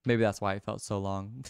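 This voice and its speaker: A man's voice: on the low side, fairly even intonation, measured pace, creaky, darkish tone, smooth. A young man livestreaming a music quiz, chatting casually, laughing often and answering viewers by name. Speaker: livestreamer and singer.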